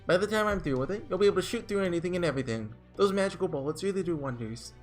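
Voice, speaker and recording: A man's voice: high voice, lively intonation, very fast, faint music behind, voice pushed up. A man voicing a showy, self-proclaimed genius weaponsmith who talks in theatrical, self-satisfied patter. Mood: smug.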